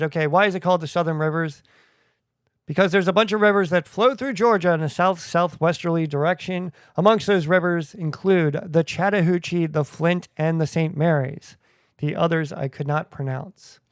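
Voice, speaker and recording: A man's voice: high-pitched, clear, resonant tone, no room sound, clean studio sound. A man hosting a retro video game podcast, talking casually with jokey asides. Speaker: podcast host.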